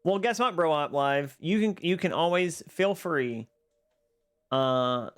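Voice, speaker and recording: Bubbly live streamer chatting with chat on a boom mic, laughs a lot, unhurried delivery. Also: lively intonation, clean tone. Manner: bubbly, greets chat by name, laughs often.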